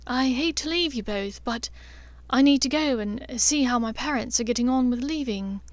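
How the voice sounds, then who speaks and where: A woman voicing a worried, earnest young witch in a soft voice. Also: sits high, moderate pace, no echo, lightly acted.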